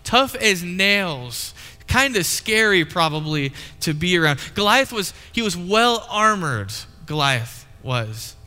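A man's voice: high voice, bright, forceful tone, clear, resonant tone. A man preaching a sermon, telling a story in a playful, conversational way and acting out the quotes. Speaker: pastor. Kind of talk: sermon with live demonstration. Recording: reverberant hall.

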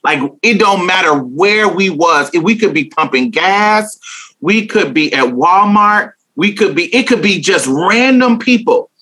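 A woman's voice: on the low side, animated, a little slow, a bit bright. A young woman talking candidly in an interview, blunt and emphatic, swearing freely and laughing often. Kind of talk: candid casual conversation.

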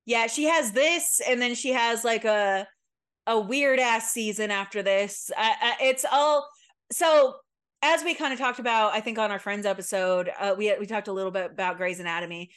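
A woman's voice: fairly high pitch, normal speed, a bit bright, smooth. Chatty young woman co-hosting a podcast. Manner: chatty, swearing, self-correcting restarts. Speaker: podcast co-host. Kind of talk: casual chat. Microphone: remote call.

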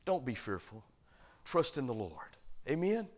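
Animated man preaching a sermon. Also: mid-range voice, unhurried, slight background noise. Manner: animated preaching, calls for amen. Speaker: pastor.

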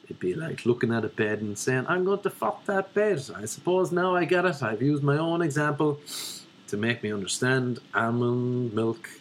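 A young Irishman delivers a casual comedic monologue full of swearing and animated rants. His voice sits in an ordinary middle pitch. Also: moderate pace, slight background noise. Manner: profane, ranting, animated storyteller. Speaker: vlogger.

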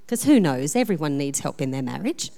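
A woman pastor preaching a sermon, telling personal stories in a lively, self-deprecating way. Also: low voice, brisk, creaky. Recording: long reverb of a large hall.

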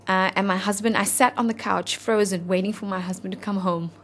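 A South African woman in her thirties, an interview guest telling a personal story in an earnest, halting, heartfelt way. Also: mid-range voice, fairly even intonation, a little hiss or hum.

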